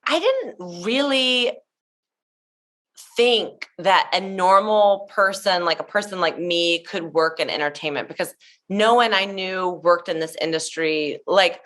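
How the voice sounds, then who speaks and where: A woman from Tennessee in her thirties, a guest chatting in an interview, telling animated stories full of "like" fillers. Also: lowish voice, a little slow. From Tennessee, USA. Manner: gushing, animated storyteller with many "like" fillers. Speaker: guest, show emcee. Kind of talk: casual interview chat.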